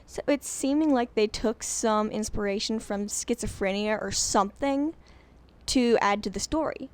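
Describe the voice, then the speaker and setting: A woman's voice: medium pitch, moderate pace, clean tone. A woman giving casual, unscripted game lore analysis in a rambling, giggly, self-deprecating way.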